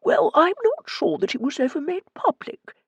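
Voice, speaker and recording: A woman's voice: sits high, sing-song, moderate pace, no echo, highs cut off, voice pushed up. A woman voicing Morris, a mild older man who confides rumours in a hesitant way, in an audiobook. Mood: confiding. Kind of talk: audiobook character voice.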